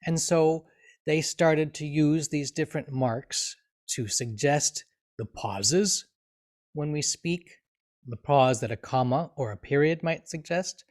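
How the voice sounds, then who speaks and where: A man teaching grammar in a live online question session, explaining at length with frequent restarts and fillers and reading example sentences with expressive inflection. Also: medium pitch.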